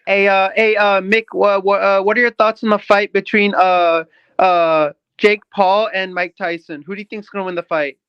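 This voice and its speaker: A man calling in as a guest, earnest and halting, with many fillers. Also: high-pitched, steady tone, clear, resonant tone, no room sound, lo-fi sound. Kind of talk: casual call-in chat.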